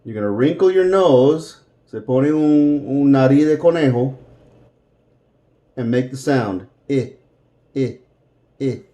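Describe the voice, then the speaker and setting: A man teaching an English lesson, slowly repeating words for pronunciation and adding Spanish translations. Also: medium pitch, mellow. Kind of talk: slow, deliberate English lesson.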